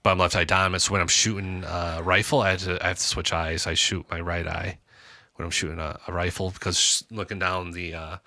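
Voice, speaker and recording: A man's voice: low-pitched, little pitch movement, brisk, pushed and bright, dry recording, clean studio sound. A man co-hosting a casual podcast, talking in a loose, rambling way with restarts and jokey asides. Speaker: podcast co-host. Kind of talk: casual chat.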